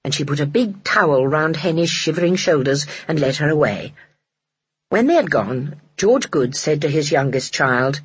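A narrator reading a children's novel aloud in a gentle, measured storytelling manner. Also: medium pitch, expressive, husky, no room sound. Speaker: audiobook narrator. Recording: dull lo-fi dry recording.

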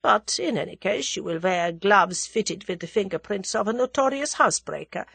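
A woman's voice: medium pitch, animated, moderate pace, creaky, a bit bright, slightly rough, no echo, full character voice. A woman reading aloud, voicing a precise, formal German conspirator with a German accent.

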